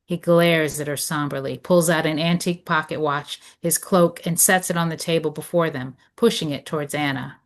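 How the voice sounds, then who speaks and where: A woman reading a screenplay's stage directions in a measured, descriptive way. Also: low voice, steady tone. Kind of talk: script read of stage directions.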